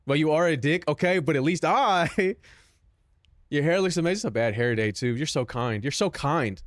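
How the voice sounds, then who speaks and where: A young man streams and chats casually with viewers, joking, swearing and poking fun at himself. His fairly high voice is expressive and moves at a normal speed. The recording is dry and studio quality.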